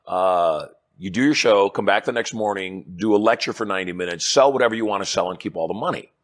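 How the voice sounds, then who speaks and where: A middle-aged man, a hypnotist and persuasion trainer, telling animated stories in an interview and acting out the dialogue. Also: lowish voice, fast talker. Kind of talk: storytelling interview chat.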